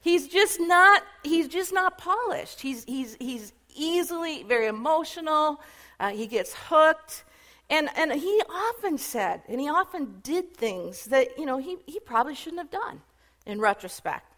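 A woman retelling Bible stories in a casual, chatty sermon, animated and full of fillers. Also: sits high, a little slow. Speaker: Bible teacher.

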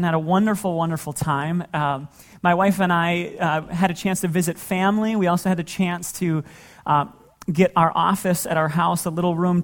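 A man in his thirties, a pastor, giving a sermon and telling family stories in a relaxed way, often breaking into laughter. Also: high-pitched. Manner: relaxed storytelling with frequent laughter.

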